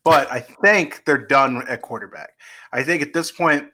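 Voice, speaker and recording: A man's voice: mid-range voice, moderate pace, sharp tone. A man appearing as a guest recruiting reporter, talking in a loose, chatty way full of fillers and restarts. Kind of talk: casual podcast chat.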